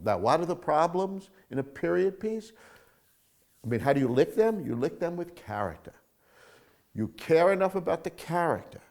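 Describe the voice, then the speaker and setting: Animated man telling film stories. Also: high-pitched. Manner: acts out film scenes, mimics crowds, shifts from hushed to loud. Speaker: screenwriter being interviewed. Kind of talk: animated storytelling in conversation.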